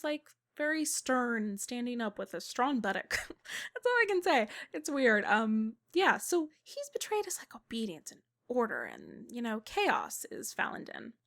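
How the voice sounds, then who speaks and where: Brief: playful woman lore theorist, bright high voice, chatty and loose. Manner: chatty, playful, lots of fillers. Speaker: video game lore theorist. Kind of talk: casual lore commentary.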